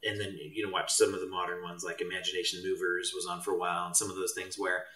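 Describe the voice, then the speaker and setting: A man's voice: deep voice, level tone, fast talker, pushed and bright, far from the mic. A man, a mental health professional, talking thoughtfully as a guest in a casual discussion. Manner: thoughtful, meandering. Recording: roomy, off-mic.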